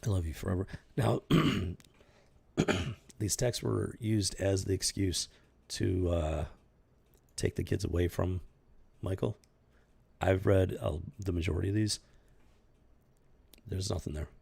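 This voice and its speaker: A channel host comments casually on a news story in a deep, gravelly, husky voice with a darkish tone. He speaks slowly with long pauses, restarting phrases as he presses his point, and comes across earnest and unscripted.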